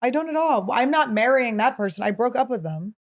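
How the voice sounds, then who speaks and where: A woman's voice: on the high side, expressive, brisk. A woman comedian in her thirties hosting a podcast, chatting casually and teasing her partner, laughing often. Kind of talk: casual chat.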